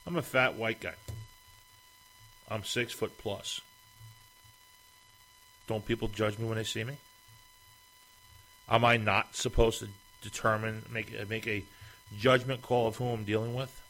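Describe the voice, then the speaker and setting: A man's voice: fairly low pitch, fairly bright tone, rough recording. A man hosting an opinion monologue, speaking emphatically and firing off rhetorical questions.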